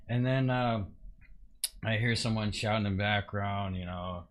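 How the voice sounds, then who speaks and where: A young man hosting a casual talk stream, telling rambling anecdotes with halting restarts. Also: on the low side. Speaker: host. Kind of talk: casual chat.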